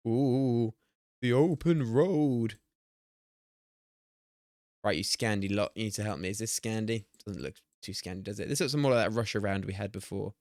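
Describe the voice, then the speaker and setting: A man in his twenties streaming casually, excitable, swearing and chatting to his viewers. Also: fairly low pitch, fairly quick, hardly any pauses, dry recording, clean studio sound. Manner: excitable, swears and laughs often, talks to chat. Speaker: streamer hosting a watch party. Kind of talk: casual live-stream chat while playing a guessing game.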